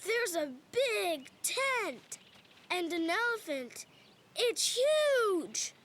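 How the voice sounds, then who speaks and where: A woman's voice: extremely high pitch, sing-song, very slow, a bit bright, exaggerated voice. An actress voicing a chatty little cartoon boy, one of a pair of twins. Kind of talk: cartoon voice acting.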